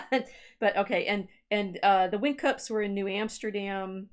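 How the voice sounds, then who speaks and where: A woman's voice: mid-range voice, measured pace. A woman historian co-hosting a casual livestream chat, musing aloud as she reads through family records. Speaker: podcast co-host and historian.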